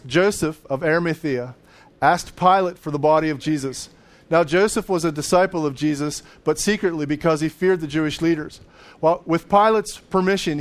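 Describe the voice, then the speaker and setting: A man preaching a sermon in a conversational way, sometimes acting out voices of the people in the story. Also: a little high. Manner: conversational, acts out voices of biblical figures, with laughs. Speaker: pastor.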